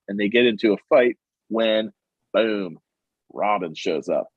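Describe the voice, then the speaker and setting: A low-voiced man on a podcast, animatedly retelling a comic plot and slipping into the characters' lines. The sound is dry and a little dull and muffled. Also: moderate pace, slightly rough, no echo. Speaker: podcast co-host. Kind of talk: casual chat recapping a comic.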